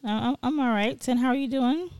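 A woman's voice: high voice, brisk, no echo. Tired, chatty woman podcast co-host. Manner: relaxed, tired-sounding, chatty with slang. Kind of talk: casual chat.

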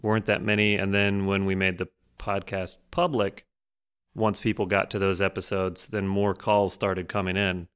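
A man's voice: deep voice, flat delivery, moderate pace, a bit bright, smooth. Dry-humored man hosting a podcast. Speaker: podcast host. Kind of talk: casual chat.

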